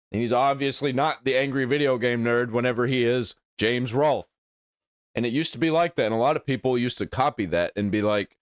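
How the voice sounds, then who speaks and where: A man's voice: medium pitch, normal speed, no room sound. Guy ranting about creators, swears a lot, dry close sound. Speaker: reaction video host. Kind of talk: casual reaction commentary.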